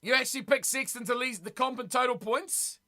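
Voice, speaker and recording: Chatty high, bright-voiced male streamer. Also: fairly even intonation, fairly quick. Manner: chatty, reacts to chat, repeats words. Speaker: streamer reading live chat. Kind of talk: casual live-stream chat.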